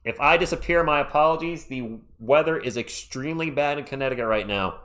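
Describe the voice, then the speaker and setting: Man, fan play-by-play caller, home mic, excitable, chatty, mid-pitched. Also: fairly quick, few pauses. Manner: excitable, chatty, jumps between game calls and asides to chat. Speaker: livestream play-by-play commentator. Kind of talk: live fan play-by-play commentary. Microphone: own microphone.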